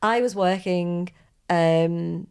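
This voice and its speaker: A woman's voice: fairly low pitch, extremely slow, a little mellow, clean tone. A woman hosting a podcast, telling a long story in a chatty, rambling way with many asides. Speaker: podcast host. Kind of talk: casual storytelling chat.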